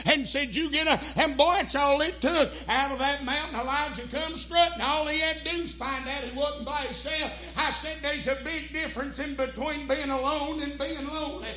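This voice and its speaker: A middle-aged preacher man with a very high, bright and forceful voice, delivering a revival sermon in rising sing-song cadences that drop to hushed pleading. Faint music plays softly behind him. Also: steady tone, normal speed, few pauses, roomy sound. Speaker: pastor. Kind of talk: Southern Baptist revival sermon.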